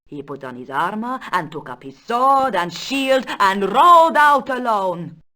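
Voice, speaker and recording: An actress voicing a proud, dramatic aging countess with a Spanish accent in a video game, talking in a stately, theatrical way. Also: female voice, mid-range voice, sing-song. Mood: grave. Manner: stately, slow and theatrical, bursts into shouts.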